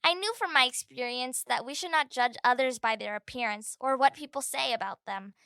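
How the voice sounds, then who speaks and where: A woman narrating a scripted story in an expressive, dramatic way. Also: high voice, fairly quick, vocal fry, no echo.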